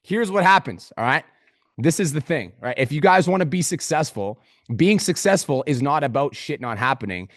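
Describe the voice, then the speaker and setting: A man's voice: mid-range voice, animated, moderate pace, no room sound, clean studio sound. Profane, fired-up male business coach. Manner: profane, pumped-up motivational talk with sudden loud outbursts. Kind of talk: group coaching call.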